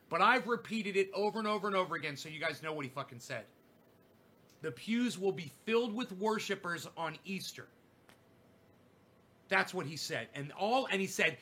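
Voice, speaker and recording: A man's voice: sits high, pushed and bright, husky. Angry, profane man ranting. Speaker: streamer. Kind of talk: ranting livestream monologue.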